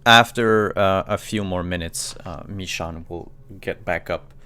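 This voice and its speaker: A man's voice: low voice, unhurried, pushed and bright, clean tone. A man acting as game master, explaining rules and narrating a tabletop game.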